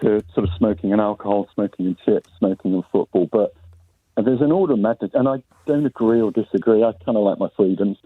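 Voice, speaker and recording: Male phone-in caller, earnest, slightly low and breathy, tinny phone sound. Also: quick pace, no echo. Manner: earnest, reasoning out his view. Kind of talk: phone-in call.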